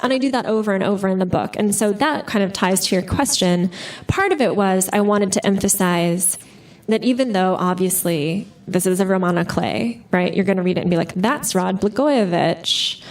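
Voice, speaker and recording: A woman author telling stories in a live interview at a bookstore, animated and full of "like" and "you know". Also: medium pitch, brisk. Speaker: author guest. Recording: distant mic at live event.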